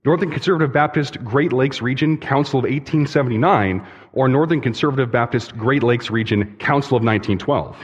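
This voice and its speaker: A man's voice: medium pitch, a little fast, husky, lo-fi sound, voice pushed up, close to an everyday voice. A young man voicing an eager, zealous older man in a told joke, keen and insistent, speaking in a church hall with a long reverb.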